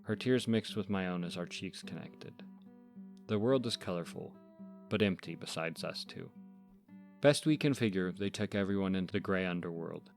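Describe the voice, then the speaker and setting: A man hosts a story podcast, narrating a first-person horror fable in a measured, deadpan, scripted manner. Soft, low-pitched music plays in the background.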